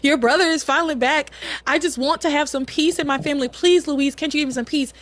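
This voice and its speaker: Mujer haciendo de madre suplicante, ruega, voz de mujer sin cambios. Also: female voice, high voice, fast talker, a bit bright, pitched above the performer's own voice. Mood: pleading. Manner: begging. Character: pleading mother wanting family peace.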